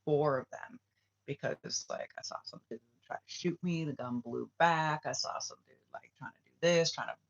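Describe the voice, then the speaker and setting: A man hosting a casual livestream, rambling and swearing, dropping to a hush and then flaring up heatedly. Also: on the high side, normal speed, gravelly. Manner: rambling, profane, swings from hushed to heated. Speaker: spiritual reader and livestream host. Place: Bali, Indonesia. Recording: dull lo-fi livestream audio.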